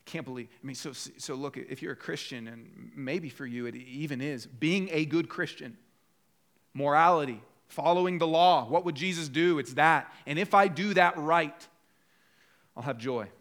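A man's voice: on the high side, normal speed, fairly bright tone. A man preaching a conversational sermon as pastor, rising to emphatic bursts when voicing people's inner thoughts. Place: church.

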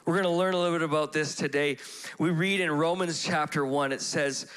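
A pastor preaching a sermon in church, animated, acting out voices in his stories. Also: fairly high pitch, brisk, smooth.

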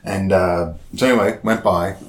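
A man in his thirties from Nova Scotia with a fairly low voice. He tells a story in a casual chat, animated and profane, and acts out the lines of the people in it. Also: normal speed. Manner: profane, animated retelling with acted-out quotes.

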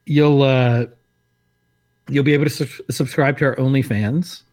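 A man's voice: mid-range voice, fairly even intonation, moderate pace, darkish tone. A man co-hosting a casual podcast, easygoing and a little hesitant, with frequent fillers. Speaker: podcast co-host.

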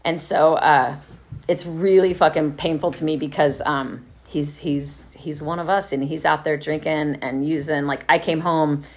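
Speaking to a group in a low, steady voice that runs a little slow, a Texan woman recounts her own recovery. She's candid and profane, laughs often, and acts out the voices of the people she quotes.

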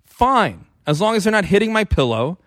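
A man's voice: high voice, sing-song, normal speed, fairly bright tone. A young man co-hosting a podcast, joking in an emphatic, fussy way. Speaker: podcast co-host. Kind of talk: casual chat.

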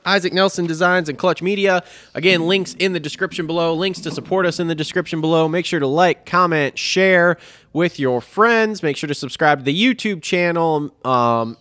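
A young man hosts a casual podcast in a loose, joking way and swears freely. His voice sits a little high. The sound is dry and close to the mic. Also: a bit bright, clean tone, no echo. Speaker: podcast host.

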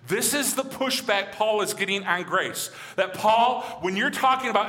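A pastor from Michigan with a fairly high, bright voice preaches a sermon at normal speed with few pauses, animated and acting out the voices he quotes. A long, ringing reverb from a large hall surrounds his voice.

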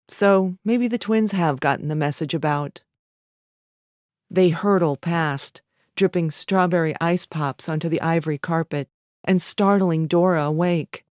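A woman narrating literary fiction in a measured, even storytelling manner. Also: low voice, no echo, studio quality.

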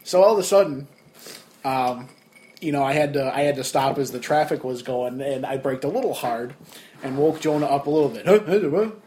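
A man's voice: medium pitch, a little fast, a little hiss or hum. A young man co-hosting a podcast, telling a story in a casual chat and acting out his friends' lines along the way. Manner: animated storyteller who acts out friends' voices. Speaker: podcast co-host.

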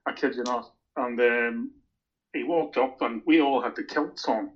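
A man's voice: medium pitch, a little slow. A middle-aged Irish man telling a long anecdote in casual chat, with laughs and stumbling restarts. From Ireland. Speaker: guest. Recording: dull lo-fi recording.

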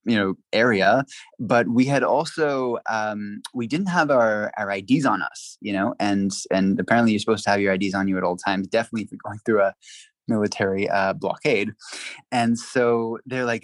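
A man guesting on a podcast, telling a story in a lively, casual way, full of "like" and acted-out quotes. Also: lowish voice, moderate pace, no room sound, low-quality recording. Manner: animated, acts out quotes, frequent "like" fillers.

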